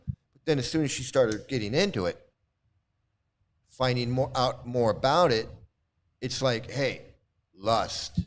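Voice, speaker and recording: A middle-aged man who runs a channel and critiques cults talks unhurriedly about a screen post, leaving long pauses. His pitch is medium, and his commentary is casual, rambling, repetitive, and blunt with swearing.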